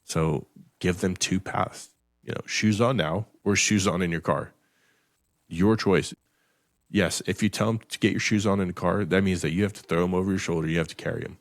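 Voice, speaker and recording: Deep-voiced, blunt, swearing man. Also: normal speed, no echo, studio quality. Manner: profane, emphatic, repeats words when restarting. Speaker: podcast host. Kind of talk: blunt motivational podcast talk.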